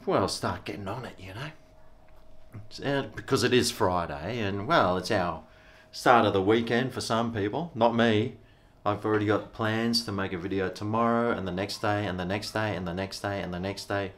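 A man's voice: fairly low pitch, a bit bright. A middle-aged Australian man, a vlogger, rambling in a laid-back, slangy way while he tastes and reviews a beer. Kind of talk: casual beer review vlog.

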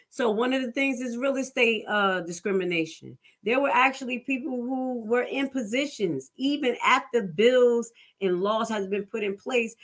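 A young woman with a bright, forceful voice gives casual commentary. She talks bluntly and with plenty of swearing. She tells her stories with animated energy. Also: mid-range voice. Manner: blunt, profane and animated storytelling. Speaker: reaction video host.

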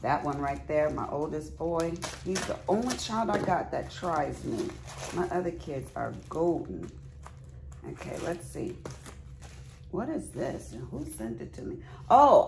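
A woman's voice: on the low side, vocal fry, background noise. A middle-aged woman, chatting casually to viewers in a craft haul vlog at home, folksy and chatty. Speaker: crafting vlogger. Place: at home, bedroom.

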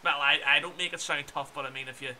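20s Belfast man, bright, slightly high voice, chatty game commentary with exclamations. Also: fairly even intonation, quick pace, slight background noise. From Northern Ireland. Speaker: gaming streamer. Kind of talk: casual gameplay commentary chatting with viewers.

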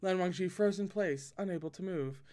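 A man reading a novel aloud expressively, now and then breaking in with excited asides. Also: sits high, normal speed. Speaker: podcast reader.

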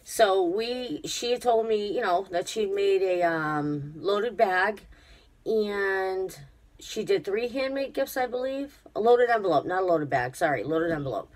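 A woman's voice: medium pitch, animated, slow pace. A tired, unwell woman chatting to camera as a crafting vlogger, gushing over a parcel with many fillers. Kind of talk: casual unboxing chat to camera.

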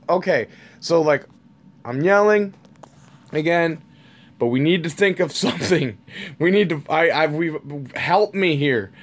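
Male channel host, angry political rant to camera, slow and sputtering, a fairly high voice. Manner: slow, heated, sputtering, swings between yelling and trying to calm down.

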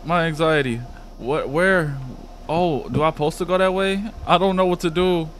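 A man's voice: on the high side, fairly even intonation, moderate pace, a little hiss or hum. A young man commentating a horror game, cursing and reacting with panic. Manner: profane, jumpy, panicky reactions. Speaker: gaming YouTuber.

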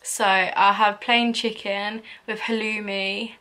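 A woman's voice: mid-range voice, flat delivery, slow, sharp tone. A young woman chatting casually in a Q&A vlog, rambling and giggling as she answers. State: out of breath. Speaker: YouTuber.

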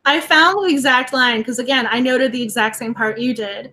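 A woman co-hosting a casual book club discussion, animated and reading quoted lines aloud with feeling. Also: on the high side, normal speed.

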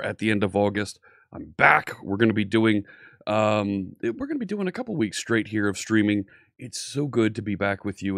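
Upbeat male streamer, lowish voice, dry close mic, chatty teacher greeting viewers. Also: vocal fry, dry recording. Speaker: live stream coding teacher. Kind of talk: casual live-stream chat.

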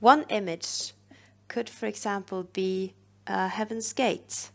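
A woman talks through a poem as a teacher in a recorded lesson. She takes her time and pauses on filler words, with a gravelly fry in her voice. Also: mid-range voice, fairly even intonation, fairly bright tone. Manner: patient explaining with filler pauses.

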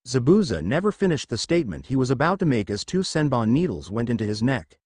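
Man reading a story aloud, lively pitch. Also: fairly quick, few pauses, dry recording. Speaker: narrator. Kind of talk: reading fan fiction aloud.

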